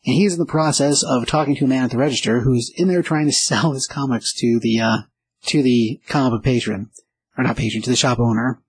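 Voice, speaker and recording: A man's voice: mid-range voice, a little fast, slight background noise, low-quality recording. A man giving a casual, rambling spoken recap of a comic book, lightly acting out the characters' lines. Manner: rambling, acts out quotes lightly, frequent "like" and "uh".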